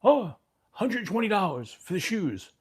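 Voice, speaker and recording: A man voicing a middle-aged male shoe seller with a heavy accent who scolds his customers loudly while haggling. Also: sits high, big pitch swings, husky, voice pushed up, exaggerated voice. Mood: pushy. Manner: indignant, drawn-out shouting.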